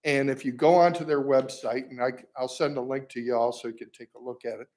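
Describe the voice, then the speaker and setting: A man's voice: mid-range voice, steady tone, brisk, a little mellow. A man giving public comment at a city council meeting, talking loosely with restarts and self-deprecating asides. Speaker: resident speaking at public comment. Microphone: podium microphone.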